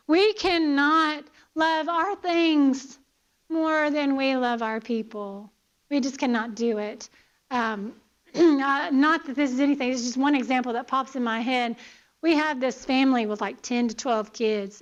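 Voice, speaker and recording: Earnest high-voiced woman teaching scripture. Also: highs cut off. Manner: earnest, asks rhetorical questions, checks in with "okay?". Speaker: Bible class teacher. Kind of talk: Bible lesson talk. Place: church.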